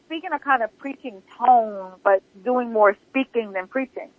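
A woman chatting casually, explaining in a measured way and repeating points for emphasis. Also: fairly high pitch, no room sound. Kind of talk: casual podcast chat. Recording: dry tinny phone-line sound.

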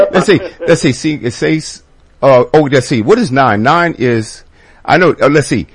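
A man in casual chat, halting and chuckling as he tries to remember. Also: a little high, lively intonation, husky. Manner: halting, laughing while trying to remember.

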